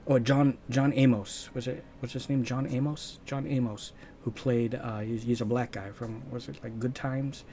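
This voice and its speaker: A man's voice: medium pitch, steady tone, moderate pace, few pauses, warm tone, a little hiss or hum. A man hosting his own channel, talking in a casual unscripted monologue, rambling, restarting sentences and searching aloud for words. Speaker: channel host.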